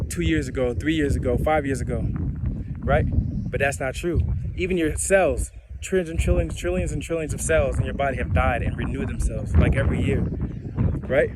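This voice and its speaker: A man giving a casual spiritual monologue outdoors, slow and emphatic, repeating phrases and laughing at himself. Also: fairly high pitch, heavy background noise. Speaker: spiritual vlogger.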